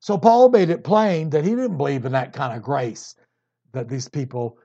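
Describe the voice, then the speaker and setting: A man's voice: a little high, moderate pace, mellow. A man preaching an emphatic Bible sermon, drawing out words for stress. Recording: dull lo-fi tape recording.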